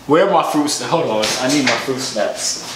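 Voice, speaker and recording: A man's voice: medium pitch, expressive, moderate pace. A young man hosting comedic reaction commentary, joking and wry while he eats. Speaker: host. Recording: roomy room echo, faint noise.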